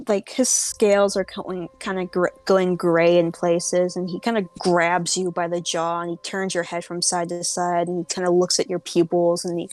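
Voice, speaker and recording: A woman's voice: lowish voice, level tone, normal speed, hardly any pauses, darkish tone. A woman narrating a tabletop game as game master, casual and full of filler words.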